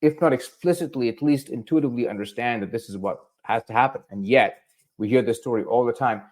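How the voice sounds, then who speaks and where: A man's voice: mid-range voice, fairly quick. A man hosting a business podcast interview, asking questions and encouraging his guest. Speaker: podcast host.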